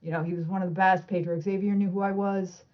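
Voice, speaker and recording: A woman guest on an interview podcast, telling animated anecdotes and acting out the voices of people in her stories. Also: mid-range voice, fast talker, highs cut off. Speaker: author and martial artist guest. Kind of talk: casual storytelling interview.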